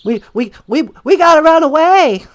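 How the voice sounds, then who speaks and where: A woman voicing a wide-eyed, earnest young farm girl, talking in an excited, breathless rush. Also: moderate pace. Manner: excited, high-pitched retelling.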